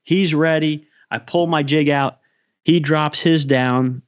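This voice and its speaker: A man co-hosting a fishing podcast, telling a story in an excited, animated way during a casual chat. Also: fairly high pitch, a little slow, clean tone, lo-fi sound. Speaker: podcast co-host.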